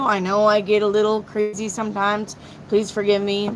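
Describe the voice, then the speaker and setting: A middle-aged woman reading tarot on a live stream, blunt and excitable, swearing freely as she talks to her chat. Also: mid-range voice, normal speed, a little hiss or hum, poor audio. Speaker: tarot reader.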